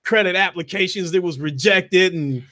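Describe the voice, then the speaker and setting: A man, calmly recounting his playthrough in a casual chat. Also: high voice, moderate pace. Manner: relaxed, laughs along, recounts gameplay.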